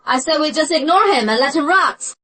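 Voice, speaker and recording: A woman's voice: high-pitched, expressive, a little fast, background noise. An actress voicing a spoiled, spiteful young woman, a younger sister in a drama dub, with a whiny edge. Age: young adult. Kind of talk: English dub of a short drama.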